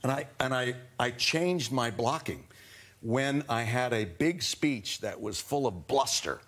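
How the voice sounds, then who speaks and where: A man, an actor guest, telling a lively anecdote on a talk show and acting out scenes. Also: medium pitch, measured pace.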